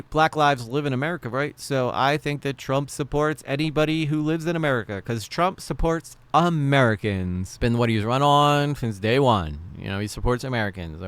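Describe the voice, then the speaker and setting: A man's voice: medium pitch, fairly bright tone, clean tone, dry recording. A man hosting a reaction video, talking casually over a debate clip with sarcastic, mocking asides.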